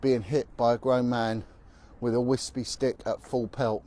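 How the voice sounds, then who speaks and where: A man's voice: medium pitch, flat delivery, a little slow, warm tone. A man who is a former police officer, telling stories bluntly and with emphasis as he walks down a city street. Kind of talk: walking vlog monologue.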